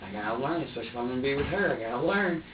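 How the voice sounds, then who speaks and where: A man's voice: mid-range voice, lively intonation, racing. A man being questioned in an interrogation room, talking in rambling, repetitive bursts and replaying his own words. He sits away from the mic in a bouncy room, with a dull, lo-fi sound and a faint hiss behind him. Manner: rambling, repeats himself, acts out what he said. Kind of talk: police interrogation. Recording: echoey, distant, dull lo-fi room recording.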